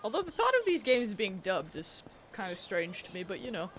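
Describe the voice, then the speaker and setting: A woman's voice: mid-range voice, very animated, fairly quick, slight background noise. A woman streamer chatting casually while playing a game and telling stories with frequent giggles. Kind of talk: casual live-stream gameplay chat.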